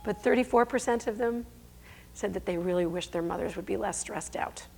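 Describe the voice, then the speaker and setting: Middle-aged woman speaker on stage, emphatic, rhetorical questions, mid-pitched voice, self-corrections. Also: a little fast, gravelly, darkish tone. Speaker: speaker giving a stage talk. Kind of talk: conference talk. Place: stage before an audience.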